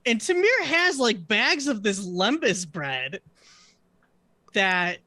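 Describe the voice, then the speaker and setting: A woman's voice: medium pitch, very animated, takes it slowly, sharp tone, no room sound. A woman playing a tabletop game, giggly and playful. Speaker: player.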